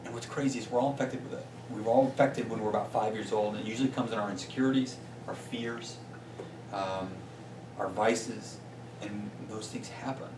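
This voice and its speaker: Energetic man coaching a room. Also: lowish voice, moderate pace. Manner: energetic, peppers points with "right?". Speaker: business coach and guest speaker. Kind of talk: motivational talk to a small group. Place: meeting room with a small audience. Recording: roomy distant sound with faint noise.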